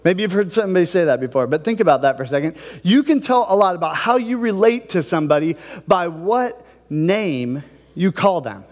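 A man's voice: sits high, animated, a little fast, in a large hall. A male pastor from Ohio preaching a sermon in a casual, conversational way, often checking in with the congregation. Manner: conversational, asks the congregation questions.

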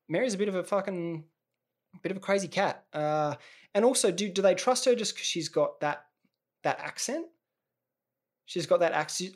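A man, hosting a podcast in a rambling, jokey monologue that often restarts mid-sentence. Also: on the high side. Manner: rambling, self-interrupting, jokey. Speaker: podcast host. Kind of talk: casual comedic monologue.

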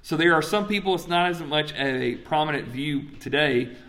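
Speaking at a normal pace, this man has a fairly high and somewhat bright voice. He's a pastor delivering a chatty sermon in which he asks the congregation questions and supplies the answers.

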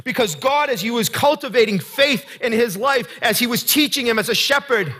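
A man's voice: extremely high pitch, expressive, moderate pace, pushed and bright, breathy edge. A man preaching a sermon as pastor, earnest and conversational, putting direct questions to the congregation.

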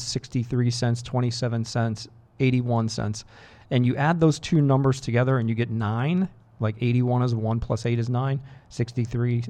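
A male radio DJ talking casually between songs in a studio. His voice sits at an ordinary mid pitch, and he rambles in a friendly way with self-deprecating asides. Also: mellow. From Boston area. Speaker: radio DJ host. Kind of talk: casual on-air chat.

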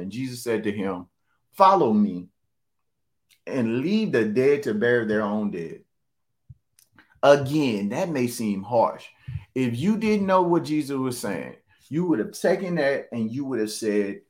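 A man preaching in a relaxed, conversational way. He hammers his points home by repeating phrases and pushes his voice up when he stresses something. His pitch sits at an ordinary middle for a man. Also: normal speed. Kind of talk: sermon.

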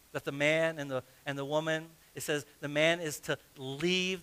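A man's voice: sits high, pushed and bright. A man preaching a sermon as pastor, reading scripture aloud and acting out the story with humor. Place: church sanctuary.

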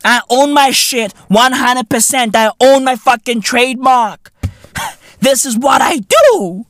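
A man's voice: very high voice, animated, takes it slowly, a bit bright, dry recording. A man hosting a podcast in a comedic rant, profane and boastful, full of slang and laughing at his own jokes. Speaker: podcast host.

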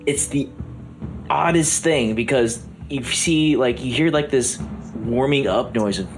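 A man narrating a tabletop game as game master, a lively storyteller who often restarts his sentences. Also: medium pitch, unhurried, poor audio. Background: background music.

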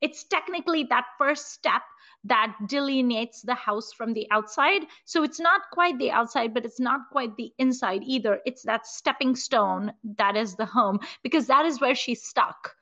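A woman co-hosting a podcast, retelling a film scene in a casual, animated way full of "like" and "you know". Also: on the high side, normal speed, dull audio. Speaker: podcast co-host.

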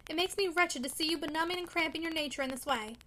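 A man's voice: very high-pitched, fast talker, bright, forceful tone, slight background noise, low-quality recording. A woman voicing a brooding, sensitive young man who argues vehemently in a storybook reading. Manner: vehement, pleading.

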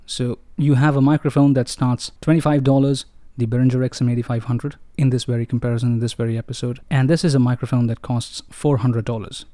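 A man reviews microphones at close range in a playful, self-mocking way, often addressing his audience as ladies and gentlemen. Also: medium pitch, steady tone, fast, hardly any pauses, no room sound. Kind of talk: casual gear review monologue. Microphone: close-up dynamic microphones, about three inches away.

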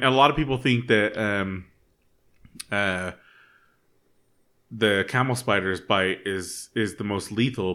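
A man in casual conversation, telling animal stories with animated gestures and quoted lines. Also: on the low side. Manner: animated anecdote teller. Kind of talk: casual chat.

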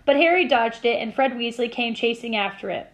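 A woman teacher reading a novel aloud to her class with expressive storytelling. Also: a little high, brisk, rough recording.

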